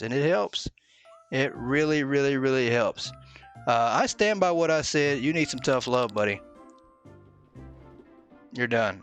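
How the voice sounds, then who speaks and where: A man casually commentating as he plays a game, joking bluntly and filling pauses with "uh". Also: a little high, fairly bright tone. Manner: joking, mock-blunt, with many "uh"s. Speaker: gaming video host. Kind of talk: casual let's-play commentary.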